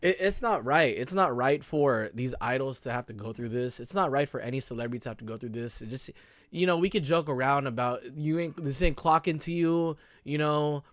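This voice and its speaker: A man's voice: medium pitch, fairly quick, dry recording. A man hosting a reaction video, talking casually with lots of slang, emotional and sympathetic. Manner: slangy, says bro and dog a lot, emotional.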